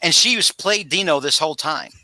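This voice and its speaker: A man hosting a casual podcast, recapping a comic book in a rambling, animated way with frequent restarts. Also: fairly high pitch, normal speed, no room sound. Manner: rambling, animated, self-interrupting storyteller. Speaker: podcast host.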